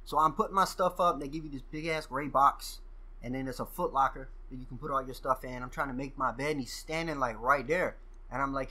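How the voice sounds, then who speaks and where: Male guest, casual profane storyteller, animated delivery, bright tone. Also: medium pitch, a little fast. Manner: profane, animated storyteller who acts out quoted exchanges. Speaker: podcast guest.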